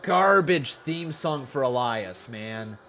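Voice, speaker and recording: A man hosting a live watch-along stream, chatting casually and excitably with viewers, often laughing at himself. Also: mid-range voice, takes it slowly.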